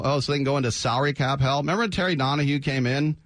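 Male sports radio host, studio mic, dry close sound, jokey and animated. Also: mid-range voice, very fast, no room sound. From San Francisco Bay Area. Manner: animated, jokey, slips into mock voices. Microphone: studio microphone.

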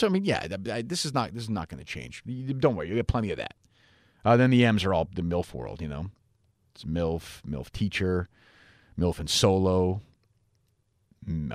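A man's voice: fairly low pitch, no room sound, studio quality. A man hosting a radio talk show, answering listener questions in a rambling, blunt and sometimes profane way. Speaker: radio host.

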